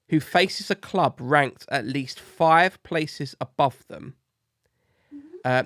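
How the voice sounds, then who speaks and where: A man's voice: mid-range voice, fairly bright tone, no room sound, studio quality. A man hosting a podcast, explaining a point and then handing over to his co-hosts. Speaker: podcast host. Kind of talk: casual chat.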